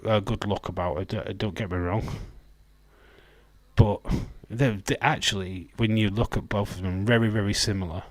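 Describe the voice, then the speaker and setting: Slow-talking Yorkshire man, dry sound. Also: on the low side, no echo. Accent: Yorkshire English. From Yorkshire, England. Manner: chatty, reacts to chat messages, laughs easily. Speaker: wrestling watch-along host. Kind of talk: casual live commentary and chat.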